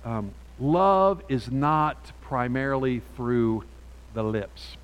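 A man preaching a sermon from a Bible passage, talking in a halting way with many restarts and frequent rhetorical "right?"s. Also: medium pitch, lively intonation, clear, resonant tone, low-quality recording.

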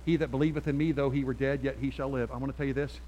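A man preaching a sermon to a church congregation, switching between forceful appeals and quiet storytelling. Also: medium pitch, flat delivery, rapid-fire, highs cut off, a little hiss or hum. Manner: emphatic, swings from loud exhortation to quiet storytelling. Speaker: pastor.

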